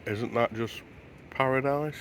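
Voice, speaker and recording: A man's voice: medium pitch, measured pace, a bit bright, slight background noise. A man vlogging as he walks a beach at sunrise, chatting to camera and wondering aloud as he goes. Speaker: travel vlogger. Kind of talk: casual walking narration to camera. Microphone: handheld camera while walking.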